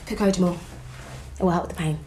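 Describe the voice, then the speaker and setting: An actress playing a chatty, teasing nurse in a television drama. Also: female voice, lowish voice, steady tone, quick pace, dark tone, a little hiss or hum, lightly acted. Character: chatty, cheeky nurse treating a wound.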